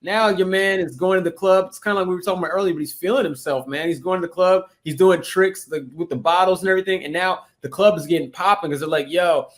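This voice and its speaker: A man's voice: high voice, fairly even intonation, fast, hardly any pauses. A man co-hosting a podcast, telling an improvised comedic story in a rambling, profane way with many repeated words. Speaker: podcast co-host.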